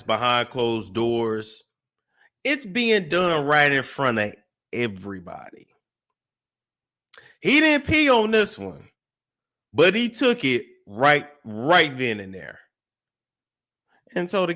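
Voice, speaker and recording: A man hosts a casual celebrity gossip show. His somewhat high voice swings widely in pitch as he builds the story with pauses and restarts. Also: very animated, bright, forceful tone.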